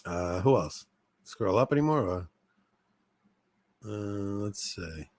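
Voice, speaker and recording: A man hosting a podcast in casual chat, animated, laughing at himself and restarting his sentences. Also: on the low side, slow, no echo. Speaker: podcast host.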